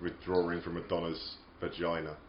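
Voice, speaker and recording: A man's voice: low voice, level tone, normal speed, slight background noise. A man co-hosting a podcast, talking in dry, wry, casual banter. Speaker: podcast co-host. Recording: roomy, slightly dull podcast audio.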